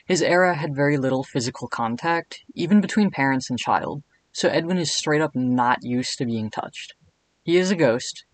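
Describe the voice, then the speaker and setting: A man narrates a comedic video essay, irreverent and jokey throughout. He drops dry, deadpan asides between his points. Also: on the high side, poor audio.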